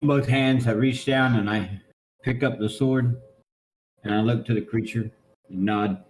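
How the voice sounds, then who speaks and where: A man playing a tabletop role-playing game, chatting in a loose, profane way and laughing often. His voice sits at a middle pitch. The room around him sounds echoey. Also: unhurried, slight background noise. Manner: loud, swearing, laughs often, jumps into higher voices for quotes. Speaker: player. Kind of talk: casual chat.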